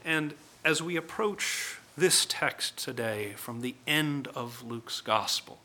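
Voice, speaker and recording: A man's voice: mid-range voice, expressive, takes it slowly, sharp tone. A man preaching a sermon in a conversational way, acting out voices in the stories he tells. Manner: conversational, acts out quoted voices.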